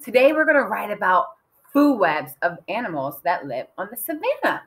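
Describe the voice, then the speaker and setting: A woman teacher giving a recorded writing lesson to young children, slowly sounding out letters and syllables and asking them questions. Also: medium pitch, big pitch swings. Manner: encouraging, asks questions to young learners.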